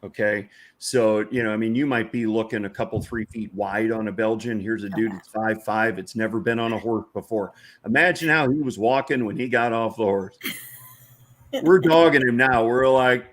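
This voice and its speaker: A man's voice: on the low side, normal speed. A man, a guest from a veterans' ranch, telling a story in a folksy, chuckling way with lots of "you know". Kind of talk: casual anecdotal storytelling.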